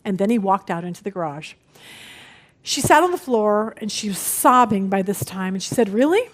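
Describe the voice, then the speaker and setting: A woman in her forties teaching a women's Bible study, telling stories with lively energy and acting out the people in them. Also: mid-range voice, moderate pace. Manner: lively storytelling, acts out quoted people.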